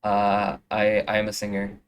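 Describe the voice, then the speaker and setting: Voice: deep voice, monotone, normal speed, a little hiss or hum, rough recording. A young adult streamer chatting casually while drawing live, rambling with lots of fillers and restarts. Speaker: streamer doing art.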